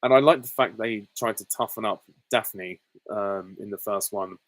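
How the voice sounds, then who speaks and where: A man's voice: on the low side, moderate pace, no room sound, rough recording. A man hosting a live stream, reading out viewer questions and answering them in a candid, chatty way.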